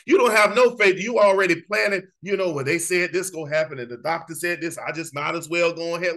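A man's voice: on the high side, fast, hardly any pauses, bright, forceful tone, rough recording. A man teaching a Bible study in an impassioned, conversational preaching style, repeating phrases and speaking straight to his listeners.

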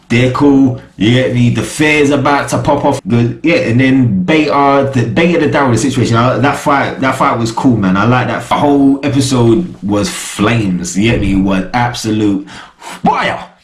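Young man, casual slangy reviewer, mid pitch, recorded in a roomy echoey space. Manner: slangy, animated, keeps asking "you get me?". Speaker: TV show reviewer. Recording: echoey room.

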